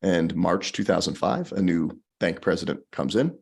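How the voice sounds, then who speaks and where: A deep-voiced man with a gravelly, husky edge recounts his story as a podcast guest. He talks in a lively, animated way and acts out the people he quotes. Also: normal speed. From Colorado. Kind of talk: storytelling in conversation.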